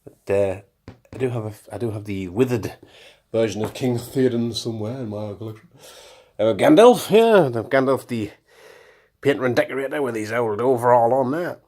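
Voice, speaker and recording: A man's voice: medium pitch, moderate pace, a little mellow. A man talking casually about his toy collection, rambling and correcting himself with jokey asides. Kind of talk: casual show-and-tell of collectibles.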